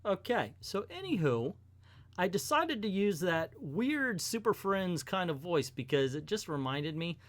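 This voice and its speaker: A man's voice: high voice, sing-song, unhurried. Wry man recapping an old comic. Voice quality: chatty, wry asides. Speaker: comic book reviewer. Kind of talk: casual comic book recap.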